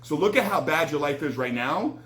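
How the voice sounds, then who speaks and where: A man's voice: a little high, expressive, a little fast, fairly bright tone, echoey room. A man, a recovery coach, giving an earnest motivational talk to the camera, often repeating words as he restarts.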